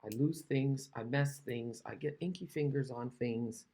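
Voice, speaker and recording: A woman's voice: extremely low pitch, measured pace, mellow. A woman from Canada chatting casually while demonstrating card-making, rambling and self-deprecating, recovering from an illness. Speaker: craft demonstrator.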